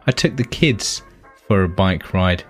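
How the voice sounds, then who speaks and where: British male co-host, low-pitched, easygoing and sweary, casual podcast chat. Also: animated, measured pace, soft background music. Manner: laid-back, swears freely.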